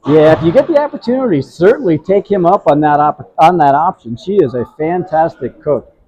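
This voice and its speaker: A man's voice: a little high, expressive, a little fast, warm tone, dull audio, a little hiss or hum. A man giving color commentary at a youth hockey game, chatty and telling friendly anecdotes.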